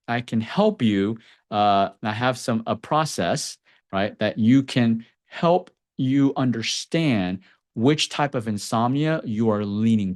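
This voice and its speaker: A man in a mid-range voice gives an animated health lesson straight to camera. He talks like a practitioner teaching patients and stops often to ask "okay?" or "right?" so his viewers keep up. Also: medium pitch. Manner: lively teacher, peppers lines with "okay?" and "right?". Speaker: acupuncturist and clinic owner. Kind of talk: educational health explainer to camera. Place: Texas clinic.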